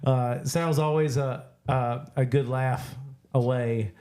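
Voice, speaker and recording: A man hosting a podcast, chatting loosely and jokingly with drawn-out uh's between phrases. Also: medium pitch, fairly even intonation, mellow. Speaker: podcast host. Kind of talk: casual chat.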